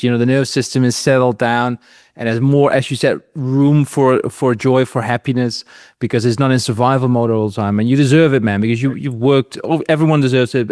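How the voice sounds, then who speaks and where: A man's voice: medium pitch, fairly even intonation, brisk, a little mellow, no room sound, studio quality. A man hosting an interview as an anxiety coach, talking casually and often stammering and repeating words.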